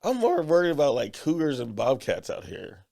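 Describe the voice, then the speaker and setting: A man co-hosting a podcast, telling an animated story with acted-out quotes in a casual voice. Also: on the high side, normal speed, creaky. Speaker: podcast co-host. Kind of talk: casual chat.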